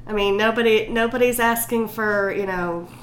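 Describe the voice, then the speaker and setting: A woman's voice: fairly high pitch, normal speed, fairly bright tone. A woman co-hosting a casual chat podcast, teasing and laughing a lot. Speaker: podcast co-host. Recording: echoey room with background noise.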